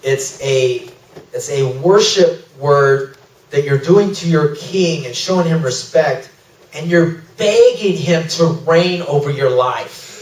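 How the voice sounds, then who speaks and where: Animated man sharing a testimony in an echoey hall. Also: on the high side, slow, recorded from a distance. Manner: animated storytelling, laughing through emotional moments. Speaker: missionary speaker. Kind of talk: testimony talk at a fellowship. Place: church fellowship hall. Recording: echoey room, speaker away from mic.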